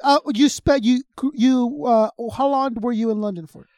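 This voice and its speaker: A man's voice: extremely high pitch, normal speed, darkish tone, no echo, studio quality. A man hosting a podcast, bantering with loose, profane jokes and laughter. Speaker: podcast host. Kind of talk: casual chat.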